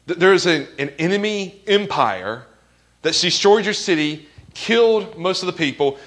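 Man, pastor, sermon, earnest, slightly high voice, questions to the congregation. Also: fairly bright tone. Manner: quotes scripture with rising emphasis.

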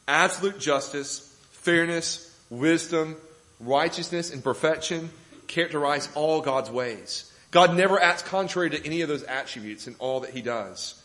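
A pastor preaches to a congregation in a church room, building emphasis through rhetorical questions. His voice is fairly high and fairly bright at a moderate pace, and the recording is rough.

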